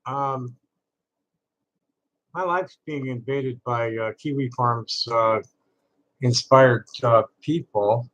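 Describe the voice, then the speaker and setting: Guy in a voice chat, kinda halting, lots of uhs. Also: medium pitch, a bit bright, lo-fi sound. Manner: halting, frequent uh fillers. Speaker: invited guest in voice chat. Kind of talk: casual voice chat.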